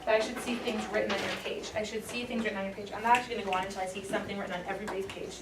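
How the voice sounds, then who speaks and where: A woman's voice: mid-range voice, steady tone, rapid-fire. A woman teaching a class, upbeat and encouraging, playfully hyping the lesson. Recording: echoey room, mic far off, noisy.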